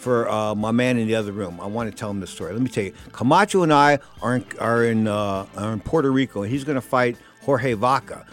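Radio host guy rambling thru stories super fast, faint music under it. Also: medium pitch. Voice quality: rambling, leans on stock phrases. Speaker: radio talk show host. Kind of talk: talk radio storytelling.

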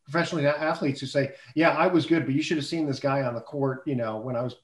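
A man's voice: mid-range voice, steady tone, fast talker, echoey room. A man hosting a casual sports talk show over a video call, rambling a bit with fillers and restarts. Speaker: show host.

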